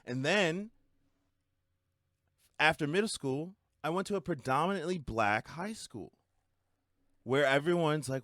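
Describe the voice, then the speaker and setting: A man co-hosting a casual podcast chat, animated and swearing, shifting his way of speaking when he gets worked up. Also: fairly high pitch, measured pace, long pauses, no room sound, studio quality. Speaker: podcast co-host.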